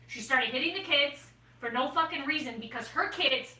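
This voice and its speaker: A woman's voice: high voice, pushed and bright. A young woman and mother recounting a family fight in heated casual talk, swearing often and acting out what others said. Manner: rapid storytelling, swears often, acts out quotes. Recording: echoey room, far from mic, faint ambience.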